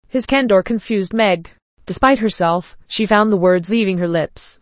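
A woman reading a story aloud in a steady, even way. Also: medium pitch, normal speed, dry recording. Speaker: narrator.

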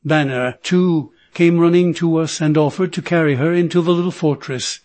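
Male audiobook narrator, steady measured read, slightly high voice. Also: no echo. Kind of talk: scripted narration.

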